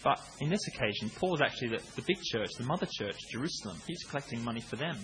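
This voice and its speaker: A man in his late thirties preaching a conversational sermon, breaking into acted-out shouts now and then. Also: mid-range voice, lively intonation, very fast, a little hiss or hum, rough recording. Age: 30s.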